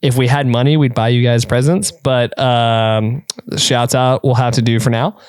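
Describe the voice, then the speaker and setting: A man's voice: medium pitch, steady tone, normal speed, a little mellow, no room sound, studio quality. A young man, co-hosting a casual comedy podcast in a laid-back, rambling way. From Texas. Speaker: podcast co-host.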